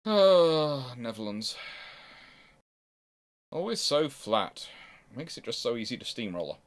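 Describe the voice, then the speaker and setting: Male streamer, wry history host, animated pitch, chatty casual delivery. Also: moderate pace. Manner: chatty, wry asides, reads chat aloud. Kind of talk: casual livestream history talk.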